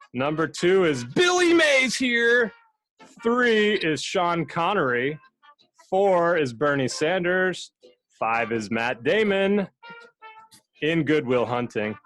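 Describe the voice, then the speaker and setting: A man hosting a live game show over a video call, talking in a relaxed, chatty way with plenty of fillers. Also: on the high side, slow pace, faint music behind.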